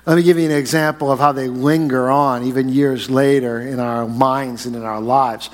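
A man in his forties, a pastor giving a sermon, chatting with the congregation and slowing down to stress key phrases. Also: medium pitch, fairly even intonation. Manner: conversational, asks the congregation questions, slows to stress key phrases. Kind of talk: sermon with jokes and a story. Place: church sanctuary. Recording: long reverb of a church hall.

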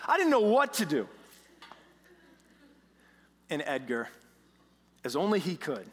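A pastor telling a story in a sermon, animated, moving between hushed moments and emphatic ones. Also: male voice, on the high side, takes it slowly. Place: church sanctuary. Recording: long church reverb.

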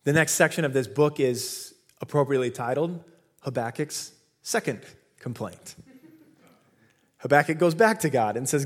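A male pastor giving a sermon, retelling scripture in an animated, casual way. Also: mid-range voice, moderate pace, pauses often.

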